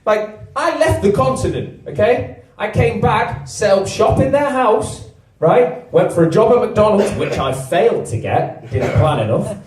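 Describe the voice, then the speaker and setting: A man in his twenties from England doing a stand-up comedy set, deadpan and self-deprecating, with big jumps in pitch on his punchlines. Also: measured pace, hardly any pauses. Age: 20s. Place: comedy venue with a live audience. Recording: echoey venue, mic at a distance. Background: audience laughter.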